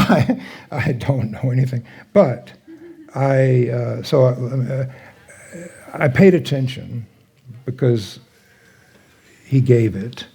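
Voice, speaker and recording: An older man speaks to a gathered audience in a gentle, halting way, pausing often as he searches for words. His voice is low-toned and husky, with a gravelly edge and little brightness. He shares his memories in a reflective, unhurried style. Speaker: guest speaker at a spiritual gathering. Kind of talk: reflective talk with personal stories. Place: live talk to a gathered audience.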